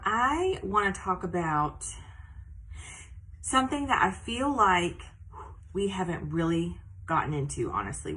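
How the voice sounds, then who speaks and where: A woman's voice: lowish voice, fairly bright tone, slightly rough, low-quality recording. A woman talking casually on a live stream, chatty and full of fillers. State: out of breath. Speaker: direct sales consultant.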